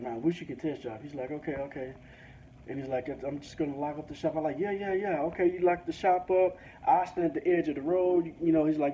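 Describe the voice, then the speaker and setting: A man rants his way through a story, acting out both sides of the conversation and swearing freely. His voice sits a little high for a man. The recording is dull and lo-fi, with a faint hiss underneath. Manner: profane, animated, acts out both sides of conversations. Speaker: vlogger. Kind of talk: ranting storytelling.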